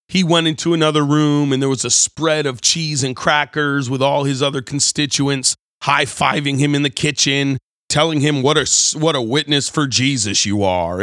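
A man giving a conversational, storytelling sermon as host of his show, moving between quiet reflection and animated retelling. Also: mid-range voice, no room sound, clean studio sound. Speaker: pastor. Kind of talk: sermon-style talk.

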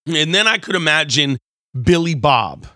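A man giving a conversational, storytelling sermon as host of his show, moving between quiet reflection and animated retelling. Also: fairly high pitch, moderate pace, no room sound, clean studio sound. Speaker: pastor. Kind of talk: sermon-style talk.

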